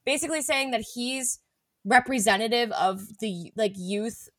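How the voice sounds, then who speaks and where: A woman's voice: fairly high pitch, measured pace, fairly bright tone, no echo, studio quality. A woman co-hosting a podcast, rambling and full of "like" as she trails off mid-thought. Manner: rambling, heavy use of "like", trails off. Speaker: podcast co-host. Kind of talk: casual chat.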